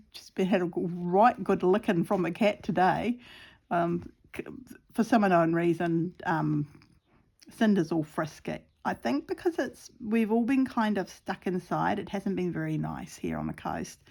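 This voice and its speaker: A middle-aged woman chatting casually in a vlog, rambling and animated, acting out her pets and the birds. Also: lowish voice, creaky. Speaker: crafting vlogger.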